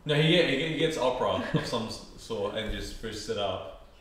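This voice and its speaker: A man's voice: on the low side, lively intonation, moderate pace, fairly bright tone. Joking aussie guy in an echoey room. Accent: Australian. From Australia. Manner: joking, rambling banter. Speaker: podcast host. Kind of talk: casual chat. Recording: echoey room, faint background noise.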